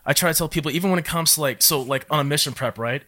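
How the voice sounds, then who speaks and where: Bright-voiced former Marine telling stories. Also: male voice, on the high side, racing. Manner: relaxed storytelling, casual slang. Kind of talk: casual podcast conversation.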